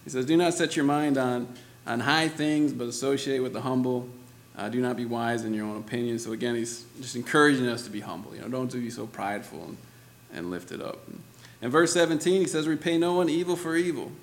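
A man's voice: mid-range voice, a little fast. A man preaching a sermon in a church, talking conversationally and laughing often, with lots of "you know" and "right?". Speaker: pastor.

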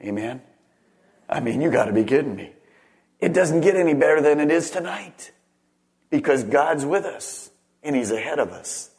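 A middle-aged man, a pastor, preaching a sermon. He swings between raised, emphatic phrases and hushed ones, and puts questions straight to the congregation. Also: fairly high pitch, animated, normal speed, pauses often. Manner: asks the congregation questions directly.

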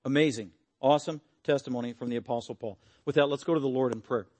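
An earnest, animated man preaching a sermon and closing in prayer. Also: medium pitch, fast talker. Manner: earnest, animated, acts out quotes.

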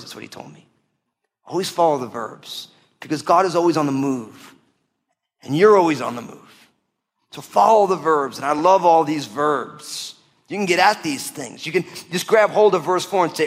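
A man's voice: on the high side, lively intonation, moderate pace, in a large hall. A man preaching a conversational sermon as pastor, asking rhetorical questions and speaking directly to his congregation.

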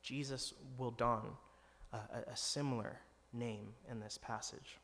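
A man delivering a sermon at a middle pitch, earnest and conversational, rising into dramatic quoted lines. His voice rings out with a long reverb, as in a large hall. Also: steady tone, unhurried, fairly bright tone, slight background noise. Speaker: pastor.

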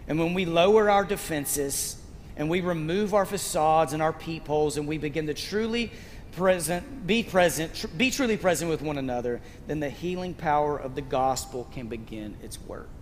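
A man's voice: fairly high pitch, moderate pace, in a large hall, a little hiss or hum. A male pastor preaching a sermon in a conversational, storytelling way.

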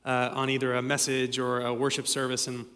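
A male pastor preaching to his congregation in a loose, chatty storytelling manner, full of little fillers and restarts. His mid-pitched voice rings out with a long reverb tail from the church sanctuary. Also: monotone, brisk, a bit bright. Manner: conversational storytelling with many fillers. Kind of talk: sermon.

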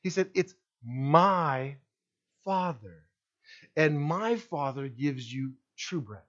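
A man's voice: fairly high pitch, expressive, slow pace, fairly bright tone, dull audio. A man preaching a sermon as pastor, speaking to his congregation and acting out the voices in the story.

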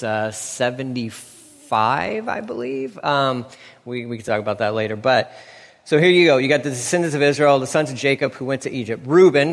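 Casual preacher with hall reverb. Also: male voice, medium pitch. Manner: conversational, uses fillers like "man" and "like". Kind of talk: casual Bible teaching.

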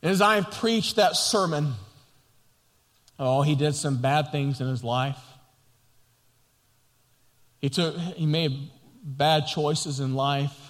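A man preaching a sermon as a pastor, passionate and building to loud, emphatic peaks. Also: fairly high pitch, slow pace, long pauses, big-room sound. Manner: impassioned preaching, rising loud at key points.

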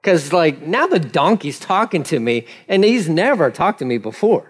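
A male pastor preaching in a relaxed, conversational way, with a fairly high voice. He is animated and laughs often as he retells the story. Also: moderate pace, breathy edge. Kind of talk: casual sermon.

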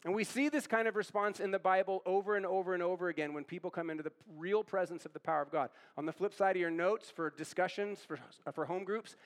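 A man pastor preaching a sermon with earnest emphasis and repeated phrases. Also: high-pitched.

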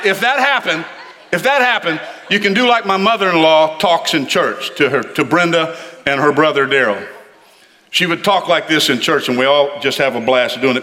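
Bright-voiced preacher in a reverberant church. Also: male voice, mid-range voice. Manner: animated, asks the congregation to respond. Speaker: pastor. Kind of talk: sermon.

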